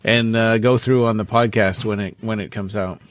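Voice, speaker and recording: A man co-hosting a podcast in casual chat, agreeable and quick to affirm. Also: lowish voice, fairly even intonation, no echo. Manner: agreeable, frequent affirming "yeah"s, easygoing. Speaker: podcast co-host.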